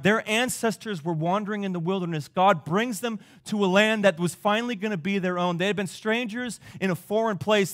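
A man preaching a sermon as pastor, emphatic, asking rhetorical questions and swinging from loud to soft. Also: high-pitched.

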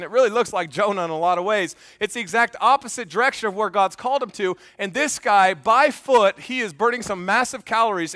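A man preaching a sermon to a congregation, reading scripture aloud and joking with the crowd in an animated way. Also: high voice, no echo, clean studio sound. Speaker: pastor. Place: church.

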